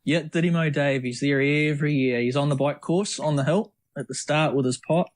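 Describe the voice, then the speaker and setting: A middle-aged man, a guest on an interview podcast, telling lively, rambling stories with many restarts. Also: on the high side, normal speed. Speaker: triathlete guest. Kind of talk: casual storytelling interview.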